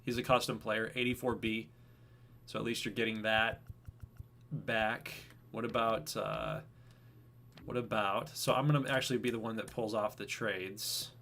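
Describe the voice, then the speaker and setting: A man's voice: fairly low pitch, little pitch movement, unhurried, vocal fry, pauses often, bright, forceful tone, slight background noise. A man casually hosting a baseball video game franchise livestream, chatting with viewers by name. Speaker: host of a franchise stream.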